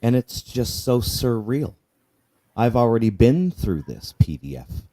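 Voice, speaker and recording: A man's voice: medium pitch, big pitch swings, unhurried, warm tone. A man telling his personal testimony in an earnest, candid way, often repeating himself and asking "right?". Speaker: guest sharing his life story.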